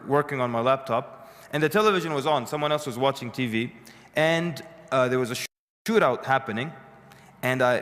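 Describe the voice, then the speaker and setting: A man with a medium-pitched, somewhat bright voice gives a lecture to a live audience. He tells stories in a conversational manner and adds dry, humorous remarks. The sound has a lecture hall's long reverb.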